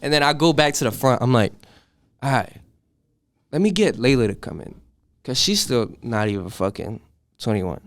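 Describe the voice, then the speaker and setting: 18 yo guy spinning a wild story, smooth voice, super dry sound, does all the voices. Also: medium pitch, moderate pace, long pauses, no echo. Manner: animated, profane, acts out voices in his story. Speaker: podcast guest. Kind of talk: casual storytelling.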